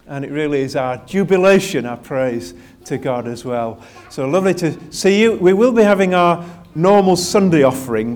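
An older male pastor delivers an informal Christmas sermon, his voice sitting a little higher than most men's. He chats, jokes at his own expense, and keeps asking the congregation to call out answers. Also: a little mellow. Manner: chatty, self-deprecating, asks the congregation questions. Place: church with live congregation.

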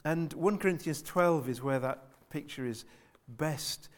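A man delivers a church sermon in a fairly high voice. He speaks earnestly, circles back over his own phrases, and keeps checking in with the congregation through rhetorical questions. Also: measured pace. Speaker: preacher.

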